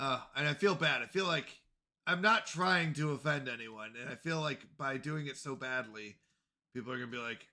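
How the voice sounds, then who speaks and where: Bright-voiced man chatting on a game stream. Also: mid-range voice, normal speed. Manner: flustered, apologetic, talks to chat, repeats himself. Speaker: livestreamer. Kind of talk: casual live gaming stream chat.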